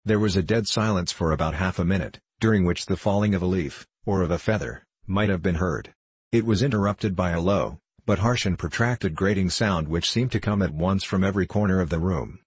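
A man narrating a classic tale as an audiobook, in a measured, steady manner. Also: deep voice, breathy edge, dry recording. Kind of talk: audiobook reading.

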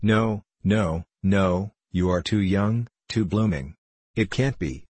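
Man reads broken old male prisoner: dazed, halting, low and husky. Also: darkish tone, no echo. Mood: dazed, bewildered. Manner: halting, bewildered questions.

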